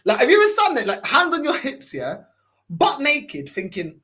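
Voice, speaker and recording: A young man, co-hosting a casual podcast chat and telling stories with lively acted-out quotes. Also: extremely high pitch, moderate pace. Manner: animated storytelling, acting out quotes, laughs often. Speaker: podcast co-host.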